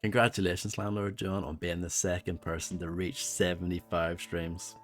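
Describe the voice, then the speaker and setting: A man's voice: low voice, level tone, normal speed, soft background music. A man chatting casually with viewers while streaming a game, rambling and self-deprecating. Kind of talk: casual live gameplay chat.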